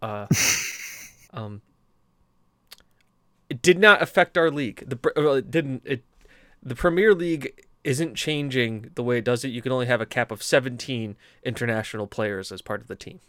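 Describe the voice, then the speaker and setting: A young man co-hosting a gaming podcast, telling stories in a casual, animated, rambling way with many restarts. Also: medium pitch, moderate pace, no room sound, clean studio sound. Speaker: podcast co-host. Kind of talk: casual storytelling chat.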